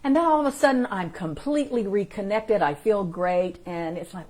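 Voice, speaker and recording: A woman's voice: medium pitch, animated, moderate pace, darkish tone. A woman hosting a live-streamed spiritual teaching, talking informally and encouragingly, and greeting viewers in the chat by name.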